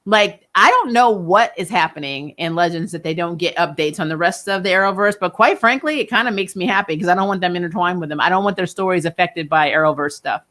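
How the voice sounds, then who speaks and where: A chatty young woman with a fairly low voice runs a casual live-stream, answering viewers in loose, rambling sentences. She laughs often and leaves thoughts half-finished. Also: fast, hardly any pauses, a bit bright. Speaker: host of a TV review channel. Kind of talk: casual live-stream chat reading comments.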